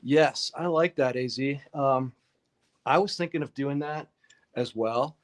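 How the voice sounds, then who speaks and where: A man's voice: mid-range voice, a little slow. A man hosting a casual live-stream painting lesson, chatty and upbeat, greeting viewers in the chat by name.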